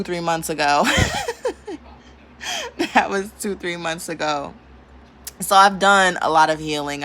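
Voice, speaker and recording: Woman, vlogger, casual rant, bright forceful voice, animated, laughs a lot, swears freely. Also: on the low side. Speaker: spiritual vlogger.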